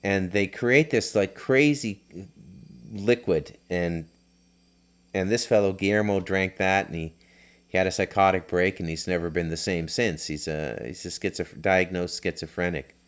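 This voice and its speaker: Speaking low and a little slowly, a middle-aged man hosts a podcast and spins casual, rambling stories, stumbling through plenty of fillers and restarts.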